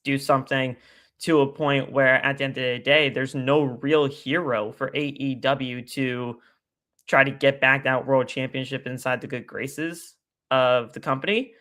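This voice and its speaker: A man as a guest on a casual live stream, talking at length in an animated, rambling way and repeating his stock phrases. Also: medium pitch, a little slow.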